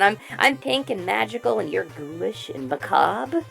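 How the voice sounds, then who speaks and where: A young adult woman streaming, chatting casually and rambling excitedly through trivia with quick restarts. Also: medium pitch, vocal fry, slightly rough, faint music behind.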